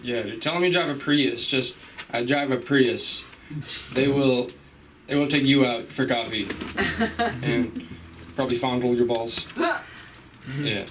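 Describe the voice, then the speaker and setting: Laid-back bro comedian. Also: male voice, mid-range voice, steady tone, measured pace, long pauses. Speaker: stand-up comedian. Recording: distant mic, clear background noise.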